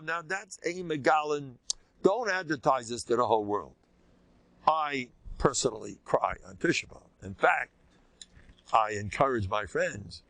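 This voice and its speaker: Older man, rabbi teaching a class, lively swooping delivery, close dry recording. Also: normal speed, no echo. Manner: animated and conversational, swinging pitch, jokes with listeners. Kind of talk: informal Torah lecture.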